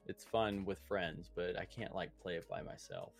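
A man's voice: low-pitched, moderate pace, vocal fry, husky, soft background music. A man in casual podcast chat with a friend, rambling and profane, laughing often. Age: adult, a parent.

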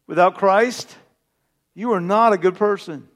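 Man, pastor, sermon, high voice, repeats phrases, hushed to emphatic. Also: a little slow. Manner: swings from hushed and intimate to loud and emphatic.

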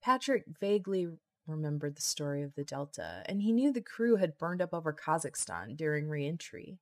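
A woman narrating a novel as an audiobook, steady and even. Her voice is low and gravelly throughout. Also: normal speed. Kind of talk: scripted narration.

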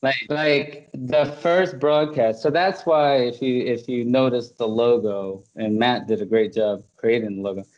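A man hosting a podcast, telling a funny story in casual chat, laughing and jumping up in pitch to imitate others. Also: steady tone, measured pace, few pauses, a little mellow, lo-fi sound. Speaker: podcast host.

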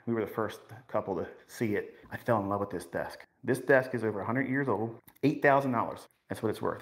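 A man in his fifties giving a rambling, boastful house tour on a livestream, laughing often, his voice strained by back pain. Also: fairly low pitch. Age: 50s. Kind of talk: casual livestream walkthrough.

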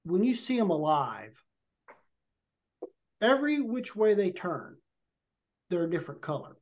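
With a high, sing-song voice and an unhurried delivery, a podcast guest casually recounts a rambling hunting story in vivid detail. The podcast audio is dull and lo-fi.

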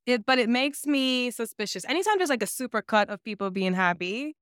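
Woman, podcast co-host, casual chat, smooth clear voice, dry close sound. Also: fairly high pitch, animated, a little fast, a bit bright, no echo. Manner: frequent agreeing murmurs, laughing asides.

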